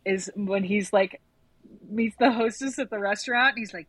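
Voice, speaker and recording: A woman's voice: mid-range voice, moderate pace, fairly bright tone, no echo, poor audio. A woman joining a casual podcast chat with sardonic, laughing remarks. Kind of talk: casual chat about a TV episode.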